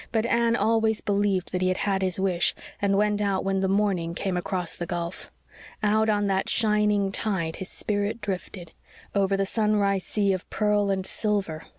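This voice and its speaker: A woman narrating an audiobook in a calm, measured way. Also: mid-range voice, dry recording, clean studio sound. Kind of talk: scripted narration.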